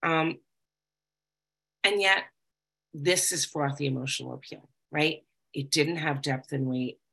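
A woman's voice: low voice, fairly even intonation, a little slow, a bit bright, husky. A woman giving candid personal testimony to a group, talking conversationally with frequent fillers. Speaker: recovery group speaker.

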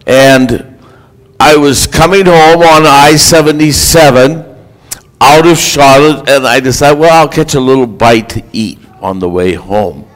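A man's voice: medium pitch, measured pace, rough recording. A man preaching a sermon as a pastor, in an earnest, exhorting delivery.

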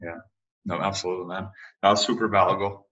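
A man hosting a podcast interview, relaxed and affirming, thanking his guest. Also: low-pitched, brisk, dull audio. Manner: relaxed, agreeable, short affirmations. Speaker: podcast host. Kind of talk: interview conversation.

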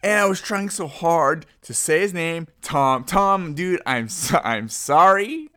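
A man's voice: a little high, measured pace, clean tone, no echo, studio quality. A young man hosting a podcast, rambling casually through a goofy, self-deprecating intro. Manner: conspiratorial hushed teasing at the start. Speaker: podcast host.

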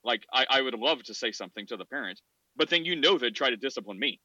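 Male podcast co-host, rambling and animated; bright, sharp voice, dry dull recording. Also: medium pitch, fast talker, dry recording. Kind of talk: casual discussion.

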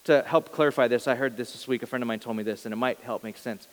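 A man's voice: medium pitch, fast, big-room sound. A male pastor giving a sermon, talking in an earnest, conversational way and often correcting himself mid-sentence.

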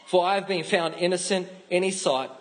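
A man with an Australian accent voicing a calm, humble male prophet in a Bible reading. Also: high-pitched, fairly quick, lightly acted.

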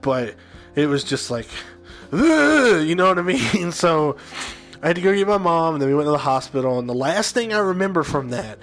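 A man's voice: on the high side, animated, brisk, fairly bright tone, faint music behind. A young man casually telling personal stories to his viewers in a rambling way, full of fillers and asides. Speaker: gaming video host.

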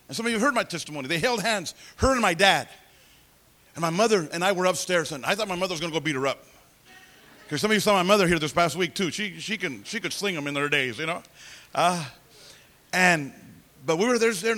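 A man with a high-pitched voice tells his testimony from the pulpit. He is animated, acting out the people he quotes and shifting between loud, pushing bursts and quieter, confiding asides. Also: quick pace. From California. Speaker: preacher giving testimony. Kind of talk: sermon testimony.

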